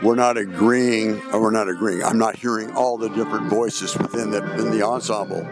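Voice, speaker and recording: A band director, a man with a low, gravelly voice, coaches a band in rehearsal. He sings the rhythms with syllables between his instructions. Music plays behind him. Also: steady tone, brisk. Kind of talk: rehearsal coaching with sung examples. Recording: music playing under the voice.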